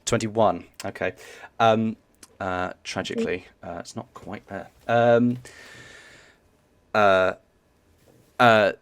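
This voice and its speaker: A man narrating as game master of a tabletop game, halting and searching for words as he describes the scene. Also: on the low side, fairly even intonation, clean tone.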